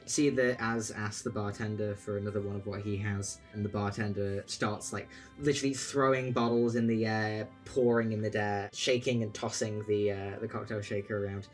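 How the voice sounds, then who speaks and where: A man's voice: on the low side, steady tone, normal speed, hardly any pauses, faint music behind. Man narrating a tabletop game. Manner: loose, hesitant narration with many "like"s and "sort of"s. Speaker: game master.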